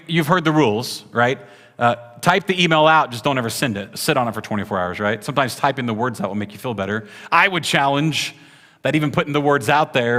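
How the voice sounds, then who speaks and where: A man's voice: mid-range voice, bright, forceful tone, long reverb tail. A man preaching a sermon to a congregation, chatty and talking with the room, often checking in with "right?". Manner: conversational, frequent "right?" tag questions. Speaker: pastor.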